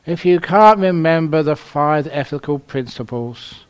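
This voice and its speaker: A man's voice: on the high side, measured pace, smooth. A Buddhist monk from London giving a humorous dharma talk at a meditation retreat, telling stories and laughing at his own jokes. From London, England.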